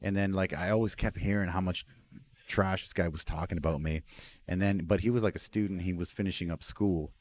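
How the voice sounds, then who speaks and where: Laid-back low-voiced man swapping stories. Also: steady tone, fairly quick. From Canada. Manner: laid-back storyteller, swears freely. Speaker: podcast host, restaurant owner. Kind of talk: casual chat.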